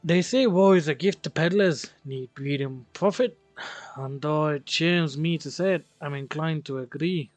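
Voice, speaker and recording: Dude doing a chatty scots-irish merchant guy, kinda high, dry sound. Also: a little slow, dry recording, soft background music, close to an everyday voice. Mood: friendly. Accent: put-on mix of Scottish and Irish. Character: chatty male traveling merchant, friendly.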